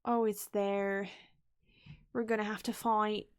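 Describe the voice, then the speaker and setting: A woman's voice: mid-range voice, little pitch movement, slow pace, clean tone. A woman streaming a game, talking to herself in a playful, chatty way, often repeating words and dropping into whispered asides. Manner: playful, chatty self-talk while playing. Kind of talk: live gameplay commentary.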